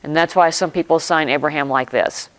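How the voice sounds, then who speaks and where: A pastor delivers a sermon, retelling a scripture story in slow, deliberate short phrases, pausing often and reflecting aloud. His voice sits in the mid range, with noise in the background.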